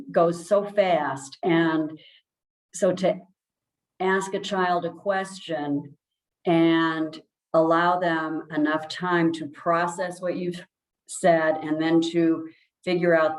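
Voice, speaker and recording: Low-voiced woman explaining in an echoey room. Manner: calm, explanatory, many ums and restarts. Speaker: speech language pathologist. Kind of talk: informal presentation.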